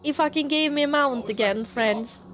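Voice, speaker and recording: A woman's voice: high voice, normal speed, fairly bright tone, faint music behind. A woman streaming a game live, chatting casually, emotional and laughing, close to tears, with frequent swearing.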